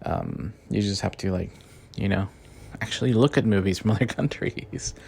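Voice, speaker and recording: Gravelly, foul-mouthed man ranting. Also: on the low side, moderate pace, darkish tone. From Mexican-American. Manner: heated, loose, heavy swearing and fillers. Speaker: podcast host. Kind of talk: profane casual rant.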